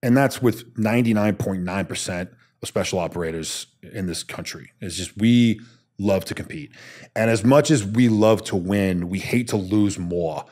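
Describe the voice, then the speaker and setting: A man's voice: fairly low pitch, normal speed, darkish tone. A man, a former soldier, telling his story bluntly and emphatically as a podcast guest, swearing casually.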